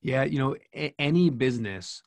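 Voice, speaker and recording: A man's voice: medium pitch, lively intonation, moderate pace, creaky, a little mellow, no echo. A middle-aged man telling an earnest story as a podcast guest, with many restarts. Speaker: podcast guest, speaker and coach. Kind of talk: storytelling in interview.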